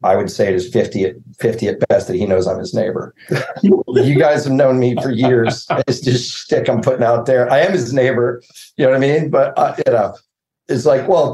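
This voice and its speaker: Man, rambling storyteller, self-deprecating, mellow voice, roomy echo, video call. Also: mid-range voice, moderate pace. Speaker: showrunner guest. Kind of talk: casual podcast chat over video call.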